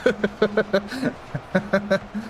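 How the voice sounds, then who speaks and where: Male streamer, talkative and loose, voice on the higher side, light hum behind. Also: fairly even intonation, extremely slow. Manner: chatty, rambling, laughs often. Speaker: live-stream gaming host. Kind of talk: casual live-stream chat.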